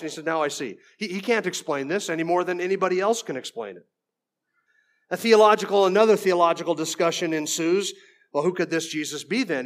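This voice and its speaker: A man preaching an expository sermon verse by verse, conversational, with folksy asides and frequent restarts. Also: sits high.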